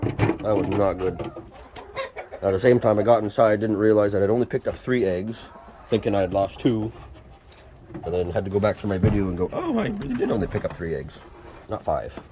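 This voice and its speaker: A man's voice: expressive, a little fast, long pauses, warm tone. A man doing farm chores outdoors, casually chatting to his chickens in a playful sing-song voice. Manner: playful, talks to animals in a high sing-song voice. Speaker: homesteader vlogger. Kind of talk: casual chat to his birds. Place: outdoors in a muddy chicken yard. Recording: noisy outdoor farmyard recording. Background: clucking chickens and birds.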